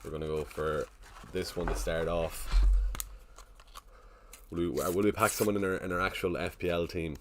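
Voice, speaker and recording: A man's voice: deep voice, fairly even intonation, normal speed, pauses often, a bit bright, a little hiss or hum. A man casually chatting on a live stream, thinking aloud and greeting viewers in the chat. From Ireland.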